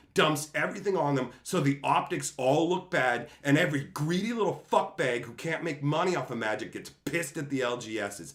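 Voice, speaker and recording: Male host, furious profane rant, very animated pitch, echoey room sound. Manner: profane, heated, swings from shouting to muttering. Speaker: channel host. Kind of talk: angry rant to camera.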